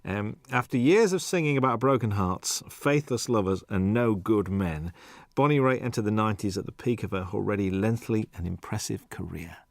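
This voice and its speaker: A man's voice: lowish voice, moderate pace, vocal fry, few pauses, dry recording. A man hosting a radio interview, asking friendly, inquisitive questions. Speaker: radio host.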